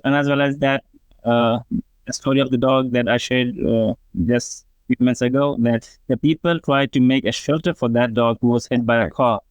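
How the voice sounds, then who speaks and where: A man working as a veterinarian, answering in in a slow, earnest way with many pauses. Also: medium pitch, clean tone, no room sound. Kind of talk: interview answer.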